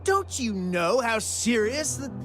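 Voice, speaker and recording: A woman's voice: a little high, big pitch swings, takes it slowly. An actress voicing an anxious young female customer in a game, asking worried questions. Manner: fretful, questioning. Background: game music.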